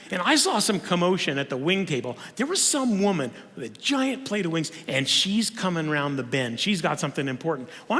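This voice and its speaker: A male conference speaker tells stories in a high, bouncy voice that swoops all over. He talks in an animated way and often restarts mid-sentence. A long reverb from the church hall hangs behind every phrase. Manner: animated storytelling, frequent restarts. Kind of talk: humorous lecture. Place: church auditorium.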